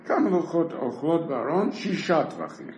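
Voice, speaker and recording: A man teaching a Talmud class, rapidly reading Hebrew and Aramaic text and explaining it in English. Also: a little high, lively intonation, a little mellow. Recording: echoey room with faint noise.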